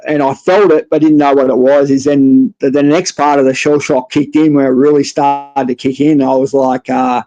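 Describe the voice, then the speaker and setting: Profane halting Australian man. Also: mid-range voice, creaky, warm tone, no echo, highs cut off. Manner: profane, halting with many restarts. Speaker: guest telling his story. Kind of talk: casual storytelling.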